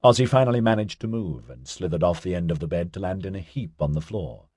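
Brief: male audiobook narrator, husky, low, dry close sound. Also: expressive, fast talker, darkish tone, no room sound. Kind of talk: scripted narration.

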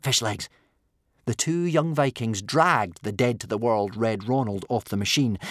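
A man narrating an adventure storybook with animated, dramatic delivery. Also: fairly low pitch, no room sound, studio quality. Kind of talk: audiobook narration.

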